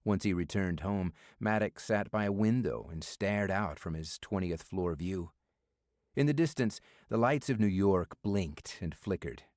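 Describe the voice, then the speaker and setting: A male narrator reading a thriller audiobook in a measured way. His voice is very low and deep. The booth sound is close and dry, with no room echo. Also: expressive, darkish tone. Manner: measured storytelling. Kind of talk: scripted narration.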